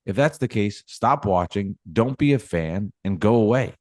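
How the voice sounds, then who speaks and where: A man co-hosts a sports talk podcast in a low voice, building his points into an emphatic rant. The sound is dry and close, with no room around him. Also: expressive, moderate pace, darkish tone, no echo. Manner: emphatic, ranting. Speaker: podcast co-host.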